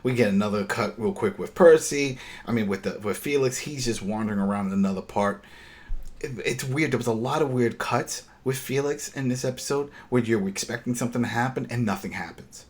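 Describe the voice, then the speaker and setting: A podcast co-host with a medium-pitched voice retells a TV episode fairly quickly. He's casual, animated and exasperated, and often starts his sentences over.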